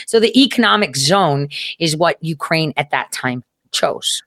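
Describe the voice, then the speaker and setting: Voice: mid-range voice, animated, measured pace, a bit bright, no echo, clean studio sound. A host of a commentary show talking in a casual, rambling monologue, with many filler words, some swearing and frequent chuckles.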